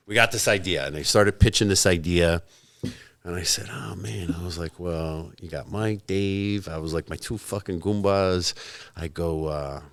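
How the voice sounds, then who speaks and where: Brief: deep, dry-sounding man in his forties, profane storyteller, podcast guest. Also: fairly bright tone, no room sound. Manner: profane, storytelling, acts out both sides of conversations. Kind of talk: casual podcast chat.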